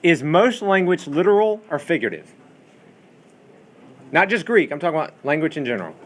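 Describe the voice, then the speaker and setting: A man's voice: on the high side, very animated, brisk, slight background noise. A man teaching a Bible study class in a classroom, lecturing in a conversational way and asking the students questions, with many fillers.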